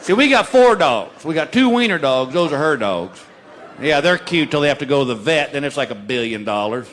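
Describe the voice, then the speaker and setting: A man's voice: on the high side, big pitch swings, fairly quick, fairly bright tone, a faint crowd. A man doing a stand-up routine on stage. He is folksy and exasperated and laughs at his own jokes. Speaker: stand-up comedian. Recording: live stage recording with audience. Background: audience and room noise.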